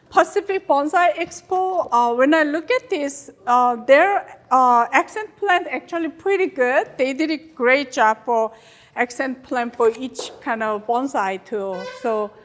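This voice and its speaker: A high-voiced Korean woman lectures a club audience in a chatty, animated way. Her English has a Korean accent and loose, non-native grammar. She sounds warm and talkative while she walks through her slides. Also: slight background noise. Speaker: guest lecturer.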